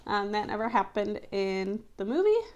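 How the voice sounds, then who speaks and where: A woman vlogger giving casual, animated commentary on a film adaptation, chatty and often exasperated, with lots of fillers. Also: mid-range voice, moderate pace, dull audio. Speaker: book-to-movie review vlogger.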